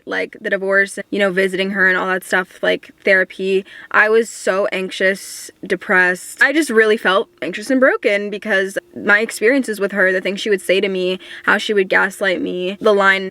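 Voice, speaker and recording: A woman's voice: mid-range voice, fairly even intonation, normal speed, bright, forceful tone, dry recording. A young woman, a singer-songwriter, talks to camera from inside a parked car in a candid, earnest way, with many fillers. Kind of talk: casual talk to camera.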